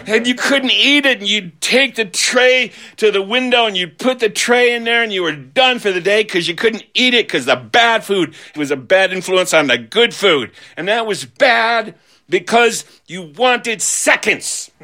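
A man telling a humorous story from his childhood, playful and animated. His voice is fairly high and bright, swooping up and down as he acts out the memories. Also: measured pace.

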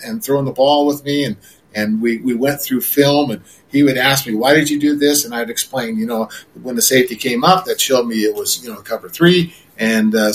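A man's voice: medium pitch, low-quality recording. Older man reminiscing, full of fillers. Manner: rambling, repeats words, many fillers. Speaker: interview guest, former quarterback. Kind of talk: relaxed reminiscing interview.

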